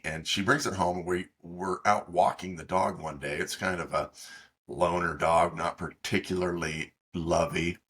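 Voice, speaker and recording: Man, middle-aged, very deep voice, husky, halting, rambling casual storytelling. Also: fairly bright tone. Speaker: podcast co-host.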